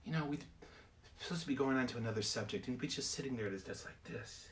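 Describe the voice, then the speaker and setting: Hushed, confiding male storyteller. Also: medium pitch, quick pace, slight background noise. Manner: conspiratorial, drops to a hush. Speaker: children's storyteller. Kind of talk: oral storytelling.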